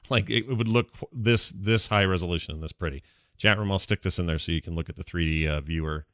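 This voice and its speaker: A man co-hosting a casual gaming podcast, animated and self-deprecating, joking as he talks. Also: low-pitched, fairly quick, dry recording, clean studio sound. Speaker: podcast co-host.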